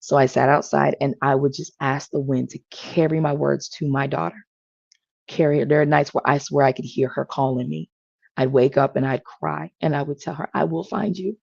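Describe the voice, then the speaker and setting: A woman's voice: extremely low pitch, little pitch movement, moderate pace, gravelly, a little mellow, no room sound. A woman telling her own story in an earnest, emotional way as a panel guest. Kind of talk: personal testimony. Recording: dull lo-fi audio.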